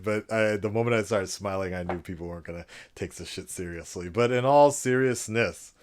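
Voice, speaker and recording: A man's voice: lowish voice, brisk, hardly any pauses, slight background noise. A man talking frankly in a casual vlog, rambling with frequent fillers. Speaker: vlogger and teacher.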